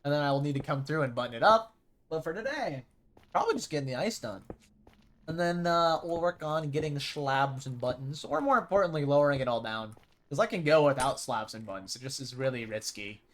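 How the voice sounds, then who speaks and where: A man chatting casually while streaming a game live, rambling excitably and tripping over repeated words as he gets going. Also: on the high side, a little fast. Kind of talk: casual live gaming commentary.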